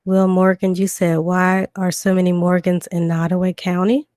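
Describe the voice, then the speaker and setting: Low-voiced Southern woman, chatty livestream. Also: level tone, moderate pace, a little mellow, clear, resonant tone, no room sound, clean studio sound. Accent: Southern US, Virginia with Georgia twang. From Virginia and Georgia, USA. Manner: chatty, loose, many fillers and restarts. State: recovering from illness. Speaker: livestream host. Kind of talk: casual live stream talk, reading definitions.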